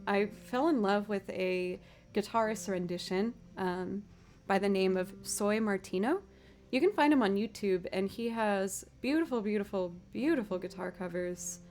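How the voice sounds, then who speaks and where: A woman's voice: medium pitch, a little mellow. A woman from Massachusetts hosting a live music stream, chatting casually between songs and telling a story with a laugh. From United States, Massachusetts.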